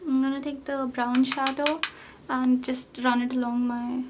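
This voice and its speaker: A woman's voice: high-pitched, monotone, a little slow, background noise. Chatty young woman, rambling makeup talk. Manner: rambling, filler-heavy, self-deprecating. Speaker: beauty vlogger.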